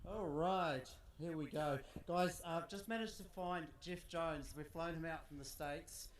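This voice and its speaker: A man's voice: a little high, a little slow, slight background noise. A man interviewing drivers at a racetrack, chatty and upbeat. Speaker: pit lane interviewer. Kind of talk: live event interviews. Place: outdoors at a racetrack.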